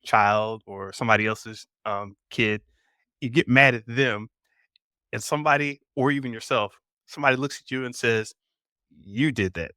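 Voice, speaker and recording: A man's voice: medium pitch, normal speed, smooth, no echo, clean studio sound. A man hosting a podcast in casual chat, telling stories and acting out quotes. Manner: animated storytelling with voiced quotes. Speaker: podcast host.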